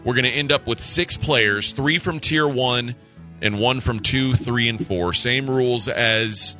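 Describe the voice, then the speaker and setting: A man's voice: medium pitch, a little slow, bright, forceful tone, faint music behind. A man co-hosting a sports radio show, easygoing and thinking aloud in casual chat. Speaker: co-host.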